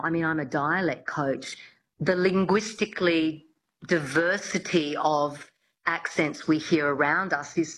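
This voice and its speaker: A woman dialect coach talks through her answers in an interview with a somewhat low voice. She explains patiently but often stops and restarts while she searches for a word. A faint hiss of noise sits under the recording. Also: a bit bright, poor audio. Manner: explanatory, with many restarts and fillers.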